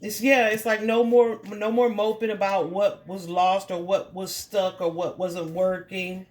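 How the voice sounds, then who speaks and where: A woman's voice: mid-range voice, level tone, unhurried, a little mellow. A woman giving a casual tarot reading to her viewers, chatty and reassuring, full of fillers and restarts. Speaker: tarot reader.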